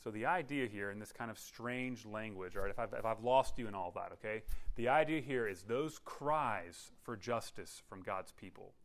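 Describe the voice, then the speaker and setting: A man preaching a sermon in an easygoing, conversational way. He walks his listeners through the text, stopping often with quick check-ins and restarting his sentences as he explains. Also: on the low side. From United States. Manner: conversational teaching with frequent "okay?" check-ins; restarts and filler-heavy, explanatory. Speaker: pastor.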